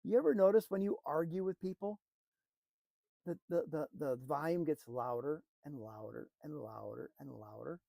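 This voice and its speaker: A man giving an earnest motivational talk, repeating phrases and often dropping to a soft, hushed voice for emphasis. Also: a little high, moderate pace, creaky, dry recording, rough recording. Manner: earnest, repetitive, drops to a soft hush for emphasis. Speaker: motivational speaker.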